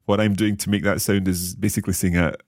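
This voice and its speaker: A man's voice: deep voice, level tone, quick pace, a little mellow, no echo, studio quality. A man hosting a language lesson, asking questions and carefully repeating new phrases. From Scotland. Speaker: learner host of a language lesson.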